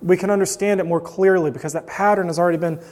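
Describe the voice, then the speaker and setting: A man in his thirties preaches with a fairly high voice, easing into his sermon through a relaxed, chatty story. His words ring out with a long reverb, as in a church sanctuary. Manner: conversational storytelling, unhurried. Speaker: pastor.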